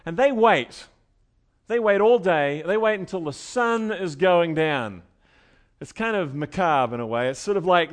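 A man with a high, light voice delivers a sermon. He talks to the congregation in a conversational way, sliding between quiet asides and loud, emphatic runs. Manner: conversational preaching, swinging from soft asides to loud emphatic bursts. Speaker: pastor.

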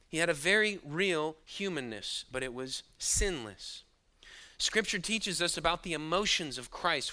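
Bright-voiced man preaching a sermon. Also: on the high side, clean tone. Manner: earnest teaching, retelling scripture scenes. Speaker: pastor. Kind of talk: expository sermon.

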